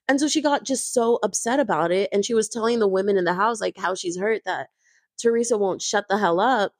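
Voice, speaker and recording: A woman's voice: medium pitch, brisk, no echo. A woman chatting in a gossipy way, recapping a reality show with lots of "like". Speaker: host.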